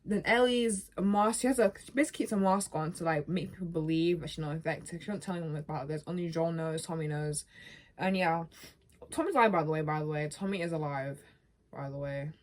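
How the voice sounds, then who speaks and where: A woman's voice: deep voice, fairly quick. A young woman vlogger chatting casually and rambling about a video game, often stopping to correct herself. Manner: rambling, self-correcting, animated. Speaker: gaming vlogger.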